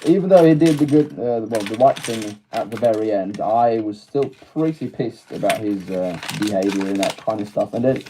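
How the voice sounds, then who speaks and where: A man's voice: fairly low pitch, normal speed, hardly any pauses, noisy background. A British man chatting casually on a live stream, laughing often and answering his chat as he goes.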